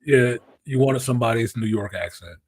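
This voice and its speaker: A man hosting a casual pop-culture chat, animated and profane, with a husky voice. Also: mid-range voice, normal speed, no room sound. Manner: animated, profane, puts on voices when quoting. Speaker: podcast host.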